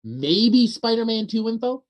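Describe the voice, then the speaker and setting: A man co-hosting a casual podcast chat, excitable and quick to swear. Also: very high voice. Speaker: podcast co-host.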